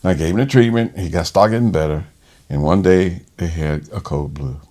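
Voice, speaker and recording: A man who works as a respiratory therapist, telling a personal story in conversation in an animated way. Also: low voice, fairly quick. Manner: animated, acts out quoted voices.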